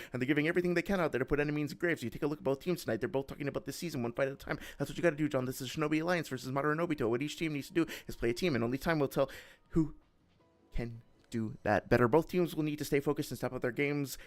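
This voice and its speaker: A pumped-up male sports announcer, as a streamer puts him on piles cliché on cliché in a raised, hyped pitch. His booming patter keeps repeating itself. It is delivered louder and higher than an everyday voice. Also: very fast, natural voice.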